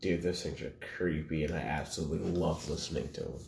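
A man co-hosting a podcast in casual banter, joking and deadpan, swearing freely. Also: extremely low pitch, fast, creaky. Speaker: podcast co-host. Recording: echoey room with faint noise.

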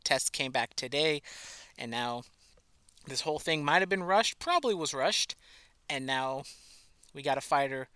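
Male podcast co-host, bright tone, dry sound, casual teasing banter. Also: medium pitch, animated, moderate pace, long pauses, clear, resonant tone, no echo. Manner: conversational, teasing. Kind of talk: casual sports chat.

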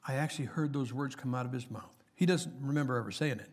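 A man's voice: mid-range voice, fast, few pauses, darkish tone. A middle-aged man preaching a sermon, chatting with the congregation and reading scripture aloud with rising emphasis.

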